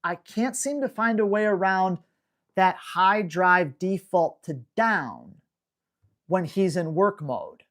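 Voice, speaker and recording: A woman dog trainer answering viewer questions in a live Q&A, in an energetic, emphatic, casual coaching manner. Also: on the low side, takes it slowly.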